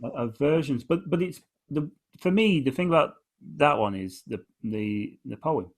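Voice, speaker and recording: A man with a husky, slightly breathy voice explains the rhythm of a poem in an easy back-and-forth chat. He is hesitant and restarts his sentences often. He stretches out each word when he reads verse aloud. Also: a little high, animated, normal speed. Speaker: guest discussing poetry. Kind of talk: relaxed conversation, explaining verse.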